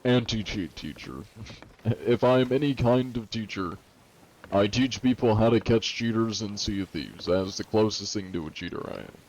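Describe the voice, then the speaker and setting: A man's voice: on the low side, moderate pace, darkish tone. A 21-year-old American man streaming and joking sarcastically while answering questions from chat. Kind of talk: casual livestream chat.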